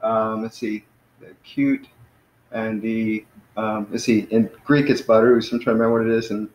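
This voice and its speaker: A man's voice: lowish voice, level tone, moderate pace, darkish tone, muffled recording. Rambling male teacher in an echoey room. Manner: rambling, lots of fillers and self-corrections. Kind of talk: informal online language class.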